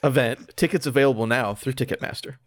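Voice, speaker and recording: Deadpan male podcast host, dry sound. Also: medium pitch, fast, no echo. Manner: dry, deadpan delivery of absurd sponsor copy. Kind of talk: comedic podcast banter, deadpan ad reads.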